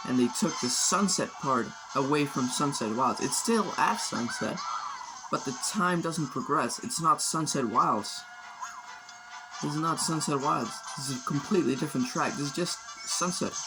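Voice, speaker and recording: Over video game music, a man with a mid-range voice rambles casually through gameplay commentary, often sounding unsure and sometimes putting on mock outrage. He's a gaming video creator recording on a phone, and the audio quality is poor.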